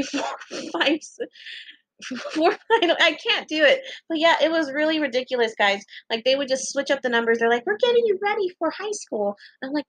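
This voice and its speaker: A young woman with a fairly high voice tells a story to her viewers in a loose, chatty way. She laughs often, swears casually and leaps up in pitch to act out what others said. The sound is dry and close. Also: a bit bright, no room sound, low-quality recording.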